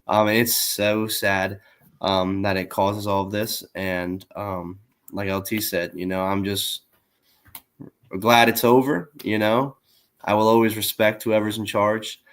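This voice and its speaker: Male podcast guest, veteran, low pitch, reflective and sincere with lots of ums. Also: level tone, measured pace. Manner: earnest, reflective, frequent ums. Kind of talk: casual chat.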